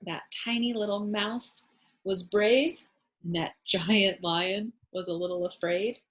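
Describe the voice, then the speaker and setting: A woman teacher reading a rhyming picture book aloud to children, expressive and asking them questions. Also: mid-range voice, poor audio. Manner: slow, expressive, asks listeners questions. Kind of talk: children's storybook read-aloud.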